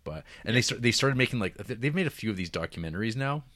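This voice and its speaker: A man co-hosting a podcast, talking quickly and enthusiastically with lots of restarts. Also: medium pitch, animated, a bit bright, dry recording, clean studio sound. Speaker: podcast co-host. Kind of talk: casual chat.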